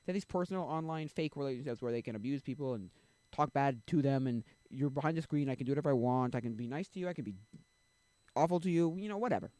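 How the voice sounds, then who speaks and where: On his live stream, a young man chats casually and rambles, frequently losing his train of thought. He speaks at a quick pace, with a dark tone at an ordinary middle pitch. The sound is dry and close, free of room echo.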